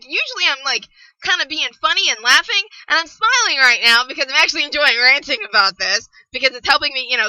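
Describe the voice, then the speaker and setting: A young woman reviewing a book on a podcast, ranting in an exasperated, animated way and swearing freely. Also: high-pitched, no echo, poor audio.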